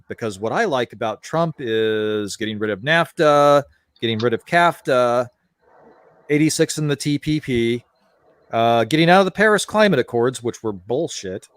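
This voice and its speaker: A man's voice: mid-range voice, animated, moderate pace, no echo. A man hosting a casual chat, ranting in an exasperated way and swearing freely. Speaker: podcast host.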